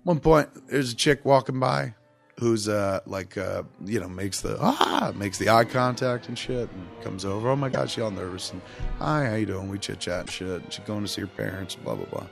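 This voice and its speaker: Over soft background music, a man with a lowish, gravelly voice tells a long, rambling, profane story on a podcast at a moderate pace. He's casual about it and acts out what everyone said.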